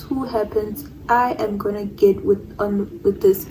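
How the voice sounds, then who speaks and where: A woman's voice: mid-range voice, steady tone, a little slow, hardly any pauses, mellow, recorded from a distance, slight background noise, poor audio. A young woman telling a personal story in a casual storytime, rambling, repeating herself and stumbling over words. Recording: voice a bit off-mic.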